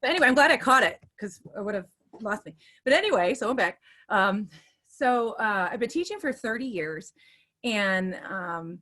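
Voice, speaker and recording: A woman's voice: mid-range voice, lively intonation, moderate pace, fairly bright tone. A woman in her fifties, a longtime teacher, telling a story in a chatty, hyper way with many restarts, speaking over a video call with earbuds. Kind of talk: casual storytelling on a webinar.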